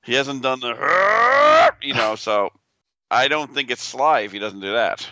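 A man's voice: medium pitch, moderate pace, pushed and bright, highs cut off, slight background noise. A man co-hosting a casual podcast, giving dry, teasing short replies. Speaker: podcast co-host. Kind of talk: casual chat.

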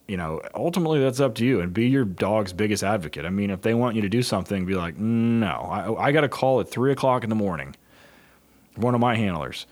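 A middle-aged man, a police dog handler trainer, telling blunt and profane stories in casual chat. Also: deep voice. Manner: blunt, profane, animated storytelling.

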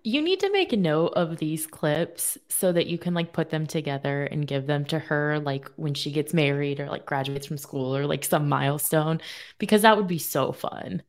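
A woman's voice: low voice, lively intonation, normal speed. A woman co-hosting a money radio show, answering with dry humor and frequent laughter. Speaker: radio co-host, financial educator. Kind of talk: casual studio banter.

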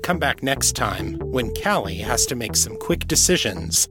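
A man narrating his own serialized fiction in a measured, even reading. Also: mid-range voice, music in the background. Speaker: author and audiobook narrator. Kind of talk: scripted narration.

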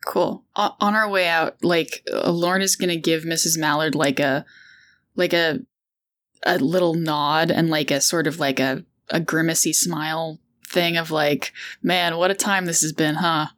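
A woman's voice: sits low, fairly even intonation, a little slow, fairly bright tone. A woman player in a tabletop game, describing her character hesitantly with many fillers.

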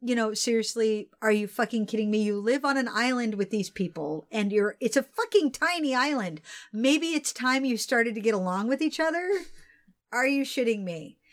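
Profane, animated American woman. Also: a little high, moderate pace. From United States. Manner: animated, profane, storytelling rant. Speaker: podcast co-host. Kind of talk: casual chat.

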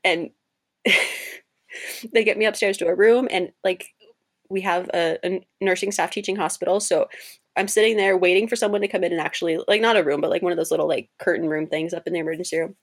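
A young woman in her twenties tells a story in a slightly low voice. She is animated and laughing, and her pitch jumps up whenever she quotes someone. The talk is casual and conversational. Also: fairly quick. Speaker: interview guest, cosplayer.

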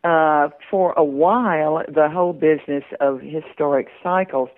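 An older woman with a Southern accent, a guest author in a casual podcast interview, witty and quick to chuckle. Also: deep voice. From southern Appalachia, US. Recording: tinny phone line.

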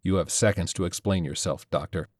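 A man voicing an angry male squad leader who talks in clipped, forceful bursts and curses. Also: deep voice, moderate pace, no room sound, studio quality. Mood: menacing.

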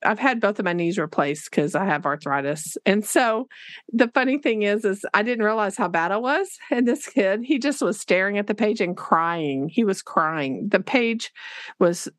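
Animated woman teacher telling classroom stories. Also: medium pitch, no echo, studio quality. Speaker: teacher and podcast co-host. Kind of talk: casual conversation, storytelling.

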